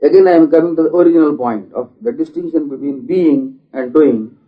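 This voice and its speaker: A man giving a philosophical lecture, deliberate in manner and asking many rhetorical questions. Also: a little high. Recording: dull lo-fi recording.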